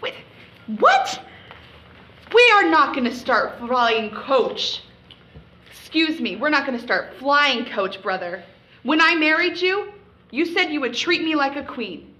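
A woman acting out a snobbish, scornful wife, sharp-voiced and scolding, in a slightly high, bright tone. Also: animated, unhurried, heavily acted, rough recording. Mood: indignant. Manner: scolding, haughty. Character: bossy, greedy wife Diane, scornful of husband.

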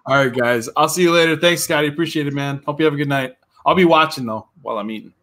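A man's voice: fairly high pitch, fast talker, pushed and bright. A man talking casually to viewers on a livestream, chatty and laughing often. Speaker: livestream guest.

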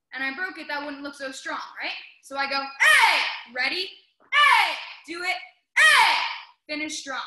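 A woman teaching a martial arts class in an echoey indoor training hall, her high, very bright voice bouncing off the walls. She takes her time, calling out short commands one by one and breaking into sharp yells to show the class how it is done. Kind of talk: coaching a class through drills.

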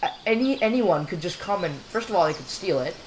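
A man's voice: sits high, animated, brisk, a little hiss or hum. A young man casually commentating while he plays a game, rambling and joking with lots of filler words. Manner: chatty, rambling and jokey, with frequent fillers. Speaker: gameplay commentator.

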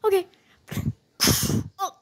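A woman doing playful toy role-play, voicing every character with bouncy, excitable lines and frequent sound effects. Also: slow.

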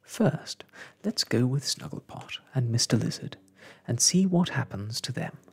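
Brief: male storyteller, hushed ASMR reading, slow and animated. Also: medium pitch, gravelly, husky. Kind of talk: soft-spoken ASMR storytelling.

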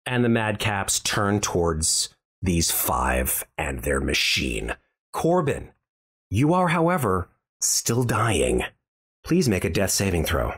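A man narrating a tabletop game as dungeon master, playful and animated, with music behind. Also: on the low side, takes it slowly, husky. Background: background music.

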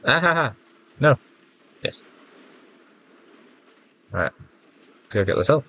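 A man's voice: mid-range voice, big pitch swings, slow, sharp tone, slightly rough. A man giving casual gameplay commentary, rambling and self-mocking, easily flustered, with a congested, stuffy-nosed voice. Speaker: gaming YouTuber. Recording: faint game music behind.

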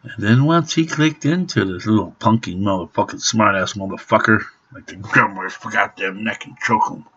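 A man's voice: fairly low pitch, moderate pace, hardly any pauses, a bit bright, husky. A middle-aged man ranting and swearing to the camera in an angry home vlog. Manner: profane, ranting, grumbling. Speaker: vlogger. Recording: dull lo-fi home recording.

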